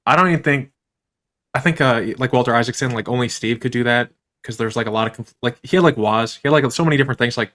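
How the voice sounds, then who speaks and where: A man's voice: medium pitch, fast, fairly bright tone. A man who grew up on a farm, talking casually as a guest in a conversational interview, rambling with many fillers.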